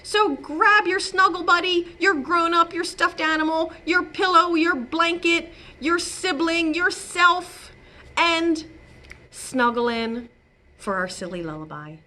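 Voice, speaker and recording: Woman children's librarian, gentle and playful story time host, slow and unhurried. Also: extremely high pitch. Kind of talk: bedtime story time read-aloud.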